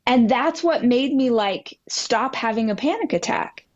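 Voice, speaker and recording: A woman guest on a podcast telling a personal story with animated delivery, acting out dialogue with big jumps in pitch. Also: unhurried, dull audio. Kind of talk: candid storytelling in a podcast interview.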